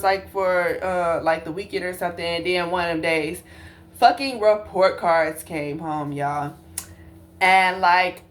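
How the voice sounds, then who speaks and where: A young woman telling a casual storytime monologue, animated and profane, full of slang and asides to her viewers. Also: mid-range voice.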